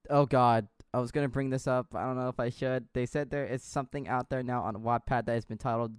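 A man hosting a casual chat show, reading viewer messages aloud with lively, laughing delivery. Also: mid-range voice, brisk, few pauses, smooth, dry recording, studio quality.

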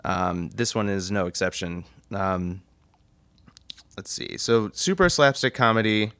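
A man's voice: fairly low pitch, measured pace, bright, forceful tone, smooth, no room sound. A man from the Chicago suburbs hosting a casual podcast chat, rambling and laughing as he retells scenes. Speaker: podcast host reviewing a film.

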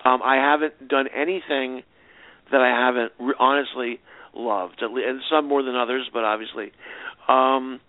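A man's voice: medium pitch, fairly even intonation, normal speed, no room sound. Man telling stories over a tinny line. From United States. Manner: rambling anecdotes with many restarts. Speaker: film director, guest. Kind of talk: casual interview answers. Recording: dry, tinny phone-line sound.

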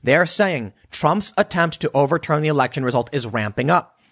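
A man hosting solo political commentary, reading news and then reacting in an animated, sarcastic way, mocking his opponents' voices. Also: fairly high pitch, moderate pace, breathy edge, no room sound, clean studio sound.

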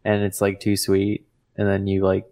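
A man's voice: deep voice, completely flat delivery, moderate pace, mellow. A man co-hosting a podcast, chatting casually in rambling sentences full of "like". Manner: rambling, heavy on "like" fillers. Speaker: podcast co-host.

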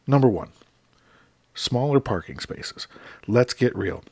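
A man's voice: medium pitch, animated, slow, vocal fry, darkish tone, breathy edge, no echo. A middle-aged man from the United States delivering an exasperated, profane comedic rant in a casual, emphatic way.

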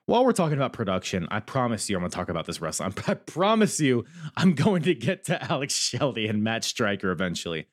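A man's voice: medium pitch, big pitch swings, quick pace. A man hosting a podcast, rambling candidly through a casual review and swearing freely. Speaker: podcast host.

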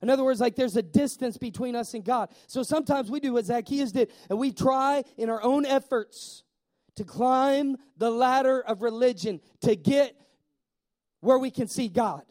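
A man preaching a sermon in a lively way, asking the congregation questions and slowing down to stress key words. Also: very high-pitched. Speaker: pastor.

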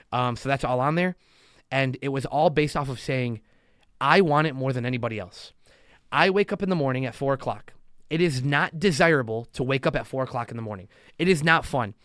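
A man's voice: mid-range voice, a bit bright, no echo, clean studio sound. A man talking as a podcast guest in casual conversation, emphatic and motivational, driving his points home by repeating them. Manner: emphatic and motivational, hammering points through repetition. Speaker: podcast guest, loan officer.

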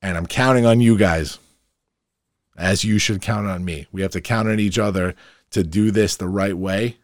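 A man hosting a solo podcast, talking in an opinionated, brash way that keeps getting loud and fired up. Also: deep voice, moderate pace, no echo, studio quality. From New York. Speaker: podcast host.

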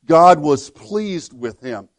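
Middle-aged male pastor, conversational sermon delivery, slightly high voice, dry close sound. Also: animated, takes it slowly, dry recording. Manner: conversational preaching with frequent restarts.

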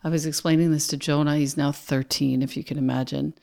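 A woman's voice: low voice, steady tone, a little fast, gravelly, dark tone. A woman in a casual conversation, reflecting thoughtfully on emotions and her son. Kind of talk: casual chat.

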